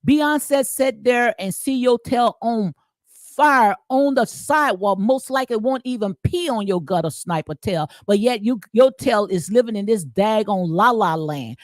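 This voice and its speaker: A woman's voice: fairly high pitch, lively intonation, a little slow, no echo, studio quality. A middle-aged woman hosting casual commentary, emphatic and colloquial, repeating phrases and tagging lines with "okay?" in a preacher-like cadence. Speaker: commentary channel host. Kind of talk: casual commentary reading and reacting.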